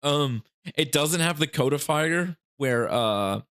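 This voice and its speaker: A man's voice: a little high, animated, slow, fairly bright tone, smooth. Casual man breaking down game rules. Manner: rambling, laughing asides, frequent restarts. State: hiccups. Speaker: gaming channel host.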